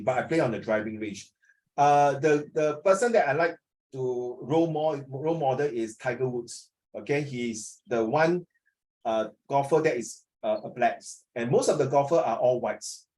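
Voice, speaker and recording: A man's voice: medium pitch, lively intonation, normal speed, a little mellow. A man with a Singaporean accent teaching a class, joking with his students and quizzing them. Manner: joking, asks students questions, mixes in Mandarin. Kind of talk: classroom lesson.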